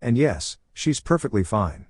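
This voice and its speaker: A man's voice: medium pitch, sing-song, measured pace, darkish tone, husky, no echo. A man reading the lines of a small, sensible old male toad in a plain storytelling voice. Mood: prim.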